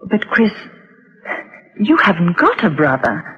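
An anxious young mother, hesitant and gentle, her pitch lively. The old radio recording sounds dull and lo-fi. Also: takes it slowly, breathy edge, full character voice. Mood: worried. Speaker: narrator.

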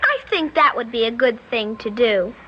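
Woman voicing a creepy prim little girl, high and lilting, unhurried; radio drama. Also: dull audio, slight background noise. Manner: prim, sing-song, calmly menacing. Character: eerie polite little girl with a toy gun.

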